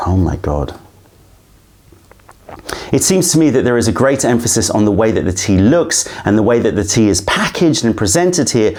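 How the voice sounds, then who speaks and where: A man's voice: medium pitch, darkish tone. Playful man vlogging outdoors on location. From England. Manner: keeps restarting takes to camera, playful and chatty. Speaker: tea company host. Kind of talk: casual behind-the-scenes vlog. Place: outdoors in tea mountains.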